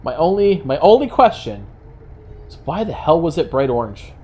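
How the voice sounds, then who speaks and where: A man's voice: fairly high pitch, big pitch swings, moderate pace, a little mellow, slightly rough. New York-accented male host, wry and chatty, talking over a game with truck engine noise behind. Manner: wry, chatty, mock-indignant rants. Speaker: gaming channel host. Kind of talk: casual gameplay commentary.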